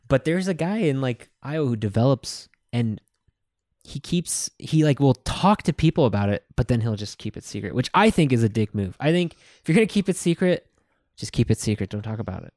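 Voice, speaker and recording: A man's voice: medium pitch, lively intonation, brisk, a little mellow, dry recording, studio quality. A man co-hosting a podcast, talking in a laid-back, slangy way. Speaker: podcast co-host. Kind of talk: casual chat.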